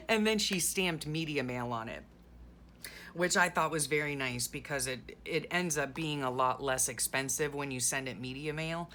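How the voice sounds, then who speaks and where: A woman's voice: low voice, moderate pace, a bit bright, slight background noise. A middle-aged woman chatting casually while gluing things into a journal, rambling through a story with sarcastic asides. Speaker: journaling vlogger. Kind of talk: casual chat while crafting.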